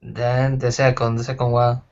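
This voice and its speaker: A man answering as a student in an English lesson, halting and searching for words. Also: medium pitch, monotone, gravelly, darkish tone, lo-fi sound. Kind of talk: hesitant answers in a language class.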